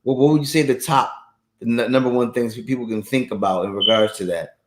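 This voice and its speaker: A man co-hosts a casual podcast chat, stumbling and repeating words as he looks for what to say. His voice sits in a middle pitch, and the recording carries a noticeable room echo. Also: background noise. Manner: halting, repeats words and restarts. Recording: roomy echo.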